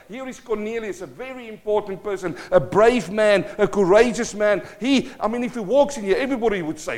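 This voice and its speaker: A man preaching a sermon in a church, impassioned and swinging between loud exhortation and quiet pleading, firing rhetorical questions at the congregation. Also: sits high, a little fast, hardly any pauses.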